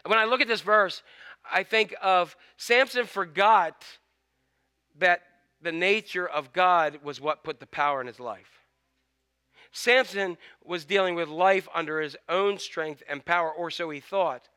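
Male pastor, high clear voice, animated sermon storytelling. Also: measured pace. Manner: animated storytelling, acts out scenes.

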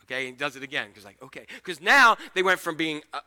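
Male pastor, casual animated sermon delivery; high-set, very bright tone. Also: rapid-fire, few pauses. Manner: conversational and animated, acting out the scripture scenes.

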